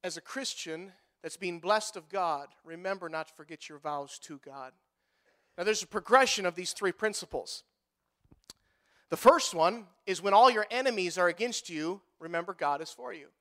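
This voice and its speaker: A man preaching as a pastor, swinging between hushed lines and loud, pleading outbursts, with emphatic repeated phrasing. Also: high voice, animated, moderate pace. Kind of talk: preaching a sermon.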